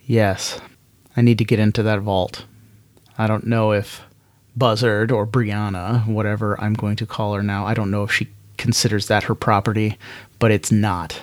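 A man's voice: lowish voice, flat delivery, normal speed, no room sound, lightly acted. Guy doing an earnest lonely diplomat, a bit flustered, dry close sound.

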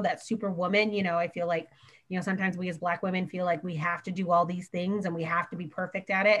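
A woman who works as a teacher, chatting earnestly on a podcast and talking in long run-on stretches. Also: lowish voice. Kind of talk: casual podcast chat.

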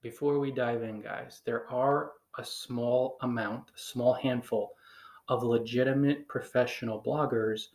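In an echoey room, a man with a northern New Jersey accent offers advice to his blog's audience, talking casually and hitting them with pointed rhetorical questions. His voice is medium-pitched, darkish and fairly even, and a little slow.

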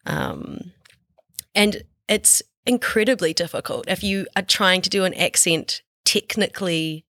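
A woman's voice: on the low side, expressive, measured pace, pushed and bright, dry recording, studio quality. A young woman with a New Zealand accent, an actress chatting casually as a podcast guest, with easy laughs and many fillers. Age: young adult.

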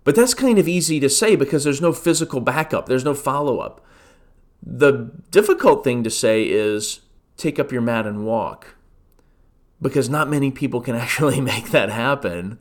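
A man's voice: mid-range voice, expressive, normal speed. A man, a pastor, teaching a Bible study podcast in a conversational way, full of rhetorical questions and restarts.

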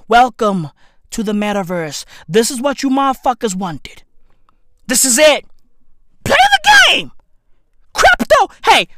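A woman doing a profane, boastful comedic podcast rant at home, full of slang and loud outbursts. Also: a little high, no room sound, studio quality. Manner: boastful, slangy, shouty and laughing, calls listeners bruv. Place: at home, neighbor's dog nearby.

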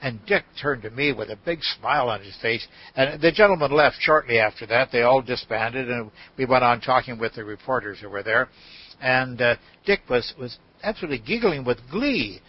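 An older man, a guest in a podcast interview, telling an anecdote in an unhurried way with many fillers. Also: medium pitch, expressive, husky. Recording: dull lo-fi audio.

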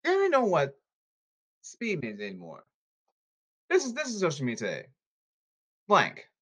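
A man hosting a solo podcast, ranting with exasperation and repeating himself, his pitch leaping and his loudness swinging. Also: normal speed. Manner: animated, erratic pitch leaps and volume swings. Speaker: podcast host.

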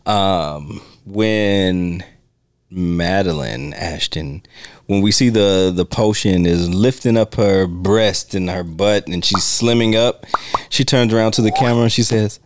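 A man hosting a casual film commentary podcast, laughing often and acting out movie lines in a raised voice. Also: unhurried. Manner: laughs often, acts out quoted lines in a high voice. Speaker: podcast host.

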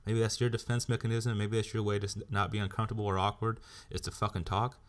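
Blunt, profane low-voiced man ranting. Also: steady tone, fast talker, hardly any pauses. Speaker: podcast host. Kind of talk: solo podcast rant.

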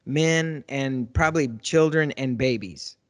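A man co-hosting a casual talk show, reacting briefly and speaking in halting restarts. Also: mid-range voice, no room sound. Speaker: co-host. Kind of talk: casual chat.

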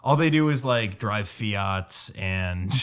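A man's voice: fairly low pitch, animated, slow pace, fairly bright tone, clean tone. A man in his late twenties co-hosting a podcast in a playful, joking, rambling way. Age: late 20s. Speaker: podcast co-host. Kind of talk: casual chat.

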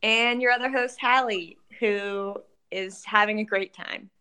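A woman's voice: medium pitch, steady tone, unhurried, sharp tone, clean tone. Giggly young woman co-hosting. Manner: giggly, rambling with many likes. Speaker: podcast co-host. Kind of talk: casual chat.

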